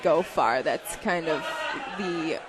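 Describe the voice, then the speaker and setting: A woman's voice: low voice, slow pace, crowd noise, low-quality recording. A young woman in her twenties, a TV news reporter and guest, chatting and laughing easily. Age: 20s. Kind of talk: casual interview chat.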